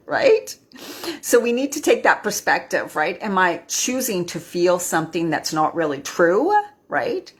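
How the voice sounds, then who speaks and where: A husky, slightly low-voiced woman in her fifties speaks earnestly to viewers in a live-streamed motivational talk. She keeps checking in with her audience, closing her points with a questioning "right?". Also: a bit bright. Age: 50s. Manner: earnest, tags lines with "right?". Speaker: midlife wellness host.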